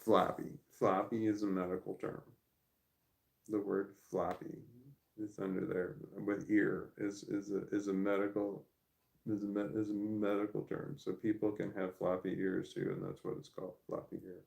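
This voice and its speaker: Rambling low-voiced man with a gravelly edge. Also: level tone, normal speed, darkish tone, echoey room. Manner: meandering, stammering, talks to his dog, reads chat aloud. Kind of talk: rambling casual livestream chat. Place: at home indoors.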